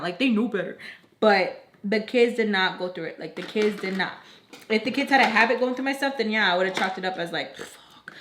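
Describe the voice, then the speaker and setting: A young woman telling a casual storytime, animated and blunt, swearing and dropping in Spanish. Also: medium pitch, slight background noise. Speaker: vlogger telling a nanny story.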